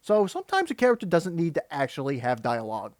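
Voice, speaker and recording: Guy ranting about game voices, fairly high pitched, super dry close sound, keeps restarting. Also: huge pitch swings, quick pace, dry recording. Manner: exasperated, rambling with restarts. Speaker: video commentator. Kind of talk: critical reaction commentary.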